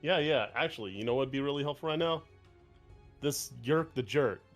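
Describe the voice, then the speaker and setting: A man's voice: mid-range voice, moderate pace, faint music behind. Eager man firing off questions. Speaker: player.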